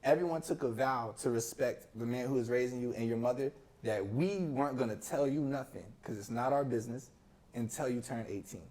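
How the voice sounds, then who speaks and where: Young guy on a podcast, chatty storyteller, lots of slang, middle pitch voice. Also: brisk. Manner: animated storytelling with slang, acting out quoted people. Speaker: podcast guest. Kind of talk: casual chat.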